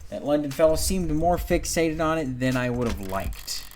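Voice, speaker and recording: A man's voice: fairly high pitch, lively intonation, noisy background. A man voicing a smug, cold-blooded killer. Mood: smug, calculating. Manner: smug, measured inner monologue. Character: cold, calculating male killer narrator. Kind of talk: reading a game's dialogue aloud.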